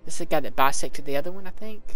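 A man's voice: fairly high pitch, racing, pushed and bright, faint music behind, rough recording. Casual man reading game combat logs. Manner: reads game text aloud with casual asides. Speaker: let's play commentator.

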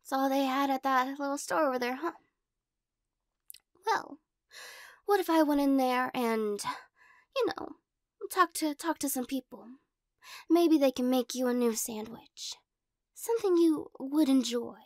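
A woman's voice: high-pitched, unhurried, long pauses, darkish tone, no room sound, clean studio sound. A woman playing a weird, giggly girl in whispered role-play. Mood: quirky.

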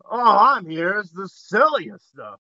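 Guy doing a sketchy southern salesman, folksy drawl, too reassuring, bright voice, kinda dull lo-fi mic. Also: high voice, very animated, slow, no echo, voice pushed up, exaggerated voice. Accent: put-on American Southern. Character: smooth-talking shady Southern salesman man.

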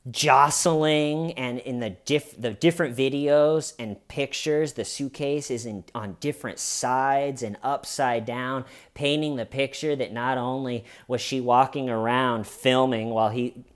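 A man's voice: medium pitch, measured pace, hardly any pauses. Chatty guy recapping a true crime case, casual, keeps restarting and adding side comments. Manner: chatty, with frequent restarts and asides.

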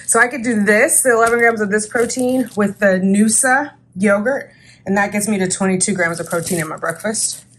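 A woman's voice: medium pitch, a little fast, fairly bright tone, a little hiss or hum. A woman in her thirties chatting casually in a vlog, talking herself through her breakfast and her groceries. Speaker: vlogger.

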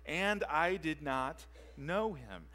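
A man who is a pastor, preaching a sermon with emphatic repetition and rhetorical questions, moving between quiet and loud for emphasis. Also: a little high, big pitch swings, takes it slowly. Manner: emphatic, repeats key phrases and asks rhetorical questions. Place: church sanctuary.

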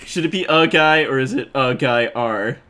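A young man hosts a let's play in an easy, goofy way, laughing between lines and stumbling through game prompts. His voice sits a bit high. There is a faint hiss of noise behind him. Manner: goofy, laughing often, rambling restarts. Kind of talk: casual gaming chat, reading game text aloud.

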